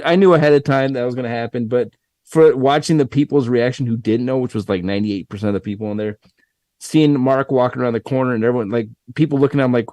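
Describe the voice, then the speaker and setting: A man hosting a casual podcast chat, telling stories in a rambling, animated way. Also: mid-range voice, no room sound, studio quality. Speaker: podcast host.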